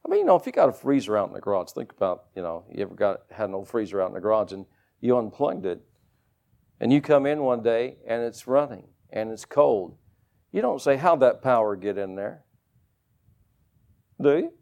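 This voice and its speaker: A man preaching a sermon to a church congregation, animated and conversational, with folksy everyday asides. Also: medium pitch, fairly quick, gravelly.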